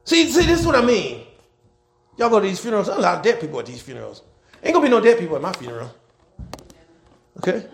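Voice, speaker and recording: A man preaching a sermon as pastor, swinging between shouted scripture and quiet, quick asides, repeating key lines for his congregation. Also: sits high, very animated, creaky. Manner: repetitive, call-and-response preaching. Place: church with congregation.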